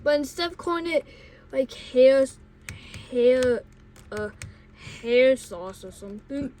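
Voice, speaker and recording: A woman vlogger telling casual stories, rambling with many restarts and self-corrections, and acting out the yelling in loud put-on quotes. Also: high-pitched, animated, slow pace, slight background noise. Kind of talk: casual storytelling.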